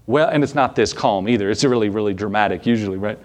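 A man's voice: on the low side, fast talker, few pauses. A man, a preacher in his thirties, giving a conversational sermon with scripture readings, folksy and full of rhetorical questions and chuckles.

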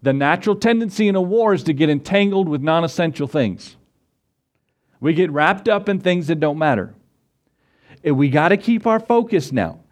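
A male pastor preaching a sermon, reading scripture slowly and asking the congregation rhetorical questions. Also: fairly high pitch, lively intonation.

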